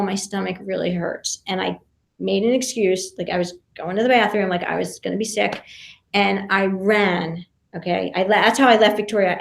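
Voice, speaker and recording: A woman guest on a podcast, telling a story in an animated way, with many restarts and acted-out quotes. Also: medium pitch, vocal fry, echoey room. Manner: talks fast with many restarts and fillers, acts out quotes. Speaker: podcast guest, reality show contestant.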